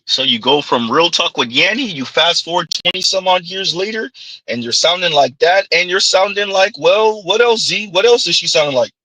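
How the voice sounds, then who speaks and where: A man's voice: high-pitched, animated, normal speed, sharp tone, poor audio. A man hosting a reaction show, commenting on clips in a quizzical way. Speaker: host.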